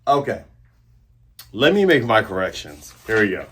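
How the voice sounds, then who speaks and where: A man hosting a casual manga chapter review, excitable and acting out the scenes as he describes them. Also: on the low side, a little fast, breathy edge. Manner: animated, excitable, acts out scenes.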